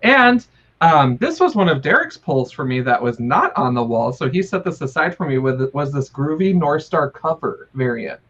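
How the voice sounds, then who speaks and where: Chatty excited man, lo-fi sound. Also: a little high, moderate pace. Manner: excited, chatty, lots of fillers. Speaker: co-host. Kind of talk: casual chat.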